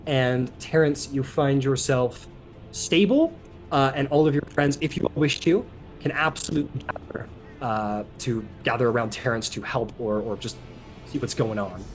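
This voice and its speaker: A man's voice: mid-range voice, normal speed, faint music behind. Male game master, loose casual narration full of fillers. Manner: casual, rambling, many fillers.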